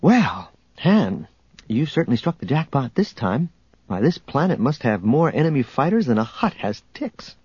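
A man voicing a spirited, sharp-tongued young princess who talks in a sarcastic way, in a dull, dry audiobook recording. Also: medium pitch, lively intonation, moderate pace, long pauses, breathy edge, no echo.

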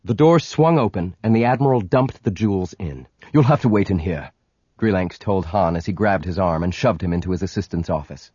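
A man narrating an audiobook with measured, dramatic storytelling. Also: deep voice, darkish tone, breathy edge, dry recording, dull audio. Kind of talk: scripted narration.

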